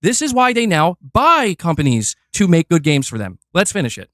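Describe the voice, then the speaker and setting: A man's voice: a little high, big pitch swings, fairly bright tone, dry recording, clean studio sound. A man ranting as a gaming commentator, reacting to a video in a fiery, exasperated, profane way. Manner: fiery, exasperated, profane, talks fast in bursts. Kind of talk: heated reaction rant.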